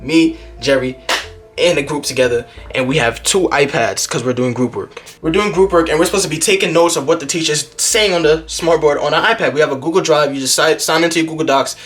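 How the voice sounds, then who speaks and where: A young man vlogger telling an animated storytime, jumping into other people's voices as he goes. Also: on the high side, fairly quick, faint music behind.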